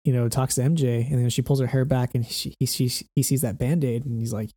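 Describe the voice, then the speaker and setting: A man in casual conversation about a film, rambling and animated, often acting out characters' lines. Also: mid-range voice, brisk, slightly rough, no echo, studio quality. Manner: rambling, animated, acts out quotes. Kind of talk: casual movie discussion.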